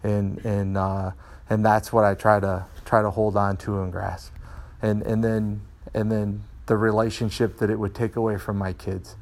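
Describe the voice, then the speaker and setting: A middle-aged man, a martial arts student, telling candid personal stories in an animated way, with frequent restarts, in a dojo. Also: on the low side, normal speed.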